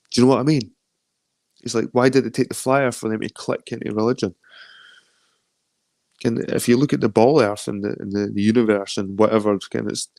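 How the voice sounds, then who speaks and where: Scottish guy rambling on a stream, sweary and jokey, lowish voice, dry close mic. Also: darkish tone, dry recording. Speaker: stream host. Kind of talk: casual chat reading viewer comments.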